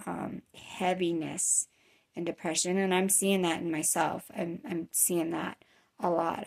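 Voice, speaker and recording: A woman's voice: fairly low pitch, level tone, measured pace, vocal fry, darkish tone. A woman in her thirties talking candidly in a casual personal vlog, rambling with many fillers and restarts, worn down by chronic nausea. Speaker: vlogger.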